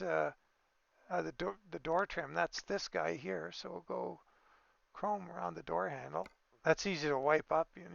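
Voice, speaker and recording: A man with a heavily gravelly voice talks through a truck-building game in an easygoing, off-the-cuff way, thinking aloud as he goes. The sound is dry and a little dull, recorded close on a desk microphone. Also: high-pitched, fairly bright tone, no room sound. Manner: easygoing, thinking aloud with fillers and small exclamations. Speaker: gaming video creator. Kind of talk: casual gameplay commentary.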